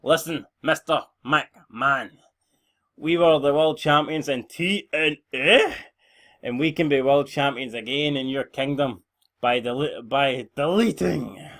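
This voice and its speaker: A man putting on an unhinged male wrestler boasting to his boss, stretching words out slowly. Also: mid-range voice, a bit bright. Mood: grandiose.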